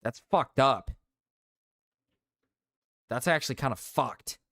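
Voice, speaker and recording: A young man on a livestream rants about the weather, swearing and repeating himself as he gets worked up. His voice sits at an ordinary middle pitch. It sounds close and dry, with no room around it. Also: expressive, slow pace, a bit bright, no echo. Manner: ranting, profane, repeats himself. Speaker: streamer. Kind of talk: casual livestream rant.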